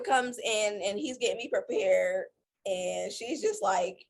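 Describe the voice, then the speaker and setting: A woman co-hosts a relaxed storytime chat, telling her part in a loose, rambling way that is full of restarts. Her voice sits at a middle pitch, with faint noise in the background. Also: takes it slowly, creaky. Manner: casual, rambling, self-interrupting storytelling. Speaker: co-host.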